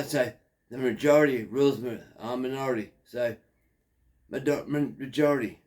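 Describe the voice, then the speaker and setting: A man's voice: mid-range voice, normal speed, darkish tone. A man in his fifties with an Australian accent, telling a crude, digressive story in a rambling monologue. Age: 50s. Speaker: factory worker.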